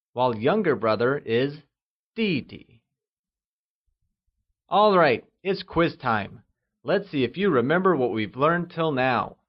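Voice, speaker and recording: A man narrating a scripted language lesson, calmly leading listeners through words and praising each try. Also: medium pitch. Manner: slow, patient, encouraging drills. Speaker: language teacher. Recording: slightly dull lo-fi audio.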